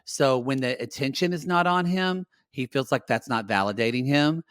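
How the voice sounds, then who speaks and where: A man's voice: mid-range voice, moderate pace, a bit bright, clean tone, no room sound, studio quality. A man co-hosting a podcast from a remote setup. He recaps scenes in a chatty way, often quoting people and hesitating as he goes. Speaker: podcast co-host. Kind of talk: casual chat. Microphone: remote recording.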